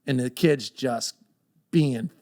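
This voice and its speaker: A man in his thirties chatting on a podcast, telling lively stories and acting out the voices of the people in them. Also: medium pitch, slow. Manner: animated storyteller, acts out voices in quotes. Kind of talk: casual chat.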